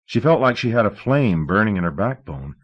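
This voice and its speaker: A man narrating a novel in a measured, steady audiobook reading. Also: lowish voice, husky, lo-fi sound.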